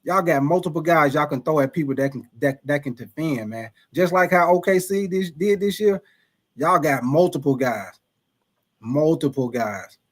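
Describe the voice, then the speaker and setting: A man with a somewhat high voice hosts a laid-back live stream, answering viewers one by one. His talk is loose and conversational, full of restarts and stumbles over names. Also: animated, normal speed. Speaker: live stream host reading chat. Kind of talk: casual live stream chat.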